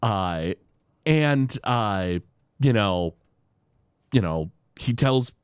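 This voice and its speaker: A man chatting casually on a podcast, retelling a cartoon episode with lots of fillers and quick quoted bits. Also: fairly low pitch, animated, clear, resonant tone, no echo, studio quality. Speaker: podcast host.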